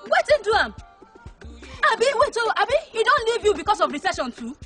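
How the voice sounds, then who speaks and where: A loud, excitable woman with a Nigerian Pidgin accent, switching between Pidgin and English in a comedy skit. Her voice sits very high and swings widely. Music plays clearly in the background. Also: fairly quick. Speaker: comic skit character.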